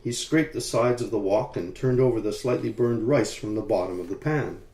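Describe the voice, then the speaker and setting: Mellow-voiced male audiobook narrator. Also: lowish voice. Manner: calm, measured storytelling. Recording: roomy echo.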